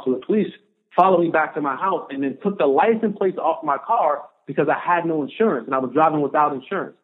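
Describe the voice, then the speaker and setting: A man tells a long personal story in an interview with lively energy, acting out every exchange he quotes. His voice sits a little high for a man. The sound is thin and narrow, like a phone line. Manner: animated storyteller, acts out quoted dialogue. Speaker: podcast guest, former pro football player.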